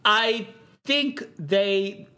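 Man, 30s, slightly higher voice, rambling self-deprecating comic in casual podcast chat. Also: extremely slow, sharp tone. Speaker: comedian guest on a podcast.

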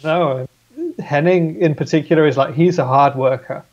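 A man's voice: fairly high pitch, moderate pace, darkish tone, highs cut off. A man guesting on a casual podcast, talking in an easygoing, agreeable way. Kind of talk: casual chat.

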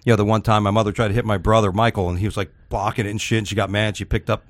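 A man's voice: fairly low pitch, little pitch movement, racing, no echo, studio quality. A man hosting a radio talk show, telling stories in a rambling, casual way with many restarts and fillers. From Florida.

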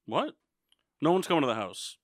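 A man's voice: a little high, very animated, moderate pace, dry recording. A man co-hosting a sports podcast with a dry, offhand way of talking. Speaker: podcast co-host. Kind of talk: casual podcast chat.

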